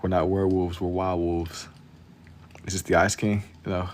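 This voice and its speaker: A man's voice: sits low, level tone, moderate pace, darkish tone, slight background noise. A young man chatting casually with viewers while drawing on a live stream, laid-back and slangy, keeping his voice down for the late night.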